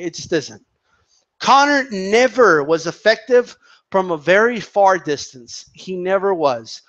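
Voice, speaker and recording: A man's voice: high voice, a bit bright, muffled recording. A man giving an opinionated, profane rant as a boxing commentator, repeating and tripping over his words.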